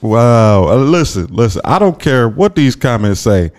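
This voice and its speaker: A man's voice: medium pitch, very animated, a little slow, darkish tone. A man co-hosting a casual podcast, arguing his point in a teasing way and often repeating himself. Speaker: podcast co-host.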